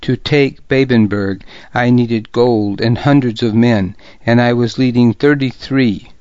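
A man narrating an audiobook in the first person, in a measured and grave storytelling voice. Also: medium pitch, fairly even intonation, darkish tone, smooth, no room sound. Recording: dry, slightly dull studio sound.

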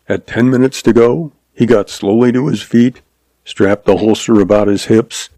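A man narrating a western story in a measured, dramatic reading. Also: on the low side, dark tone, no echo, low-quality recording.

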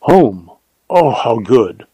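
A man's voice: medium pitch, big pitch swings, very slow, dark tone, breathy edge, no room sound, heavily acted, rough recording. A man reading an audiobook, voicing a spirited, imperious young woman in a raised, lilting voice. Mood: earnest.

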